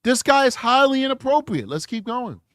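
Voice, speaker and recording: A man's voice: very high-pitched, sing-song, moderate pace, fairly bright tone, no room sound, studio quality, faint music behind. An American man hosting a live true crime show, giving emphatic, rambling commentary on clips and reading viewer chat.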